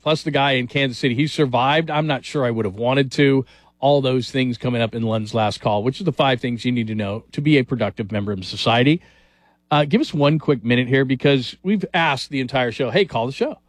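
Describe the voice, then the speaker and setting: A man hosting a sports talk radio show, energetic and rambling. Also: mid-range voice, no echo.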